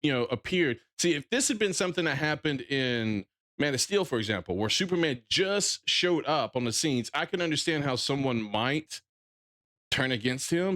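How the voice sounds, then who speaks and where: A man's voice: fairly high pitch, a bit bright. A man with a Southern drawl ranting bluntly on a casual livestream, swearing freely and often restarting his sentences. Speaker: streamer.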